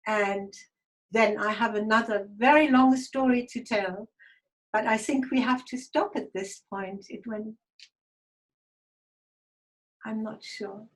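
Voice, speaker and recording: A woman telling a personal story to an online group over a video call, halting and hesitant, with many fillers and restarts. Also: on the high side, steady tone. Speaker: guest speaker. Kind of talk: personal testimony talk.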